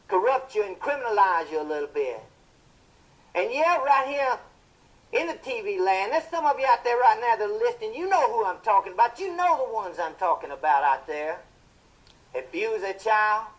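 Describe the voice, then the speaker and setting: An actor playing a fiery male television preacher, delivering a sermon in a booming, impassioned style with drawn-out emphatic phrases. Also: fairly bright tone, rough recording.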